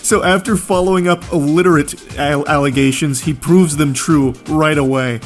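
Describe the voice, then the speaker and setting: A man in his forties picks apart someone's text messages with sarcastic, exasperated commentary. His voice sits somewhat high for a man, with a mocking edge. Faint game music plays behind him. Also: fairly even intonation, normal speed. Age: 40s. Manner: mocking, exasperated, puts on shrill voices for quotes. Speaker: streamer reading text messages.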